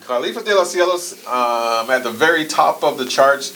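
A man's voice: medium pitch, expressive, moderate pace, bright, forceful tone, slight background noise, rough recording. A man hosting a podcast, easygoing and laughing along as he asks questions. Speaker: podcast host. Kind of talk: casual chat.

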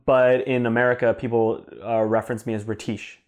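A man's voice: mid-range voice, level tone, fairly quick. A man in his thirties, a brand and design director, talking as an interview guest in a chatty, enthusiastic way, laughing often. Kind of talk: casual interview chat.

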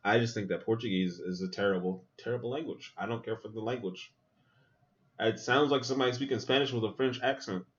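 A man's voice: on the low side, fairly quick, dull audio. A man hosting a podcast, talking casually and with profanity as he reacts aloud to a movie. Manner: animated, profane, thinks aloud with asides. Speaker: podcast host watching a movie.

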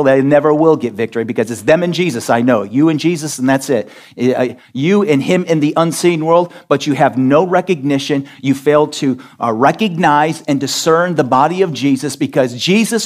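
A man preaching as pastor, reading scripture aloud and drawing call-and-response from his congregation. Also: mid-range voice. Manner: reads scripture aloud, then unpacks it. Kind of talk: sermon.

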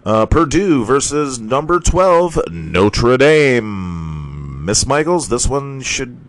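A man's voice: mid-range voice, big pitch swings, slow, no room sound. A man hosting a sports podcast, reading college football scores in a casual, profane, ranting manner and laughing at his own slips.

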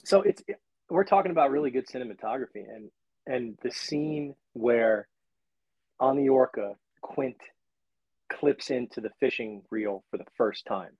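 A man's voice: mid-range voice, a little slow, husky, no room sound, highs cut off. A man in casual movie chat, talking with emphatic exaggeration. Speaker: podcast co-host.

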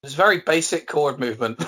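A man's voice: on the high side, sharp tone. Enthusiastic young man. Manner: enthusiastic, swears freely. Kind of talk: casual chat about music.

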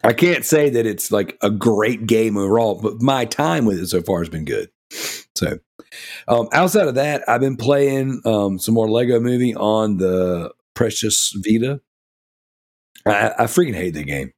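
A man chats loosely on a gaming podcast, his voice sitting a little low. He rambles with plenty of fillers and gets enthusiastic as he talks. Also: lively intonation, unhurried. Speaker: podcast co-host. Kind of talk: casual gaming podcast chat.

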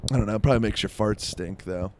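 A man's voice: lowish voice, fast, slight background noise. A young man from South Florida, riffing through a crude, rambling comedic monologue full of "like" and restarts. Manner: rambling, crude, self-interrupting with lots of "like".

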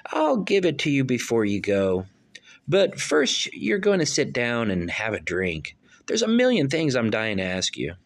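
A woman's voice: a bass voice, wildly swooping pitch, measured pace, full character voice. A woman playing an eager, effusive middle-aged male film producer in a rehearsed stage play reading. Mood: gushing. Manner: effusive, gushing. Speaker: actor in a rehearsal.

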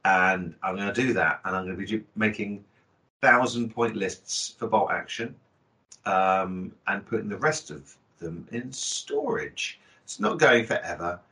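A man's voice: on the low side, unhurried, sharp tone. A man co-hosting a hobby podcast, chatty and jokey, often correcting himself mid-sentence. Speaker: podcast co-host. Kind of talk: casual chat.

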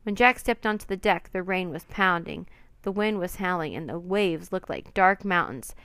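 Lady reading a kids' adventure book, dramatic and expressive, dry close sound. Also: fairly low pitch, normal speed, smooth, no echo. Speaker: storyteller. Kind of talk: children's storybook reading.

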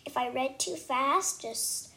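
A woman reading a children's storybook aloud in lively first-person narration with casual asides to listeners. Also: high-pitched, slow pace. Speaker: storybook reader.

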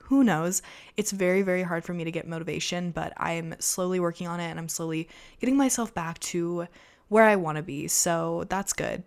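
A teenage girl from America hosting a casual solo podcast, chatty and rambling with lots of fillers. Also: lowish voice. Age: teens. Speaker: podcast host.

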